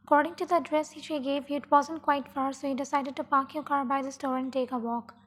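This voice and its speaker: A woman narrating a second-person fan fiction story in a steady, plain reading voice. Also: sits high, brisk, slight background noise. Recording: long echoing reverb.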